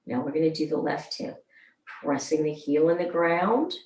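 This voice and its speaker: A woman leading a gentle somatic movement class, calmly guiding each move and counting slowly aloud. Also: deep voice, gravelly. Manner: slow, soothing, counts aloud. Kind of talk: guided exercise class. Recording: roomy sound, mic at a distance.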